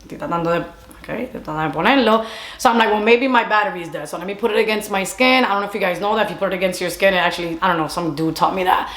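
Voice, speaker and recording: A woman's voice: mid-range voice, very fast, few pauses. Chatty woman telling a story, echoey room. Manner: animated, chatty, switching between English and Spanish. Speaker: storyteller vlogger. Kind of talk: casual storytime monologue.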